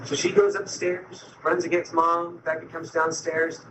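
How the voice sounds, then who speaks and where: A man's voice: fairly high pitch, level tone, unhurried, hardly any pauses, noisy background. A man telling his recovery story to an audience with self-mocking humor, retelling scenes and quoting people as he goes.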